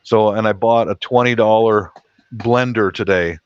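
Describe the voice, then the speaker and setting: Brief: relaxed low male guest, dull call sound, easygoing. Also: moderate pace, clean tone, dry recording. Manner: easygoing, lots of mm-hmms. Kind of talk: casual chat.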